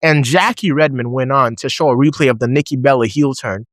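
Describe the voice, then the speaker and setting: A man giving a casual recap and review of a wrestling show, animated, acting out his own reactions in a raised voice. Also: medium pitch, fairly quick, dry recording, clean studio sound.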